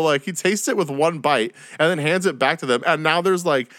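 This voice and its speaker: A man's voice: fairly high pitch, a little fast, a bit bright, dry recording, clean studio sound. A young man ranting on his own podcast, rambling and profane, laughing and mocking people in silly voices. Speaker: podcast host. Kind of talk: solo podcast rant.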